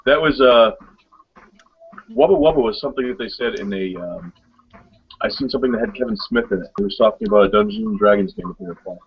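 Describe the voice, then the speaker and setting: Man, husky, rambling, casual webcast chat, muffled lo-fi audio. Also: lowish voice, sing-song, quick pace. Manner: rambling storyteller, laughs often. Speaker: co-host.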